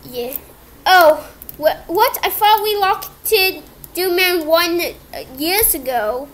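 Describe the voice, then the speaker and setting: A woman with a very high voice voices all the characters of a homemade cartoon. She talks slowly and stops often, restarting her lines as she improvises. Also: expressive, fairly bright tone. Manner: halting, improvised, many restarts. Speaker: creator voicing all characters.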